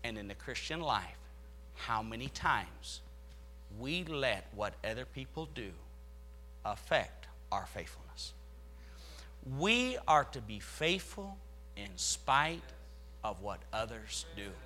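A male pastor preaching a sermon, reading scripture aloud and swelling dramatically in loudness as he drives his points home. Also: mid-range voice, big pitch swings, takes it slowly, pauses often, slight background noise.

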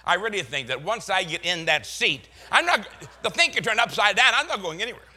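A man's voice: high-pitched, sing-song, brisk, sharp tone. An older man, a guest speaker at a church, telling casual rambling stories with chuckles and self-corrections.

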